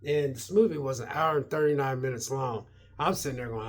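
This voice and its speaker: A man's voice: mid-range voice, a little fast. A middle-aged man vlogging a casual, rambling movie review, repeating himself and acting out his own reactions. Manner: rambling and repetitive, quoting himself.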